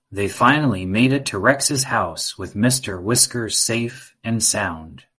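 A man narrating a children's adventure story in an even, measured reading. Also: lowish voice, breathy edge.

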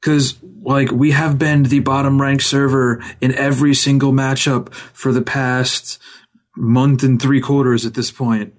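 A man co-hosting a casual gaming podcast, talking in a wry, rambling way with quick asides. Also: medium pitch, little pitch movement. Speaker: podcast co-host.

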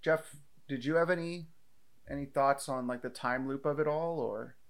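Gravelly guy, loose and jokey. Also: medium pitch, normal speed. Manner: loose and jokey, swears, laughs easily. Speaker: podcast co-host. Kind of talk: casual movie discussion.

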